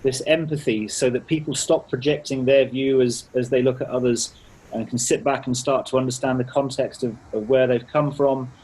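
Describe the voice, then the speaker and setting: A man's voice: mid-range voice, steady tone, moderate pace, darkish tone, slight background noise, rough recording. A man hosting an interview, asking thoughtful, searching questions. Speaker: interview host.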